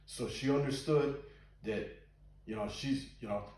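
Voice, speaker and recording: A man leads an informal Bible study in an earnest, conversational way, stopping to read scripture aloud with emphasis. His voice sits at an ordinary middle pitch. The recording is heavily echoey, as if in a bare room. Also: measured pace, darkish tone, slight background noise.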